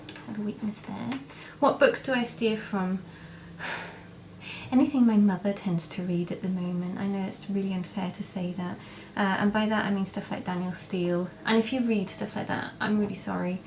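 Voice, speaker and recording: A gravelly, darkish mid-range voice with fairly even intonation belongs to a young woman vlogger speaking at a moderate pace, with slight background noise. She answers viewer questions in a casual, rambling chat to camera, hesitating and restarting frequently.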